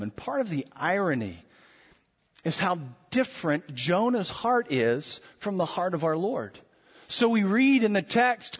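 A man preaching a sermon as pastor, earnest and emphatic, slowing down with dramatic pauses to stress key words. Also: sits high, sing-song, breathy edge, big-room sound.

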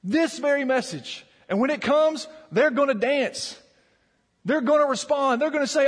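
A man's voice: very high voice, normal speed, big-room sound. A man preaching a sermon as pastor, earnest and often repeating words as he builds emphasis. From Virginia mountains.

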